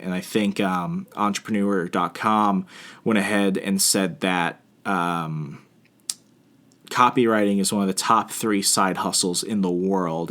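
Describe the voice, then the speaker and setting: Deep-voiced guy hosting a podcast, casual advice talk, lots of ums and restarts. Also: a bit bright. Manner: rambling, filler-heavy, self-deprecating. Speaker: podcast host.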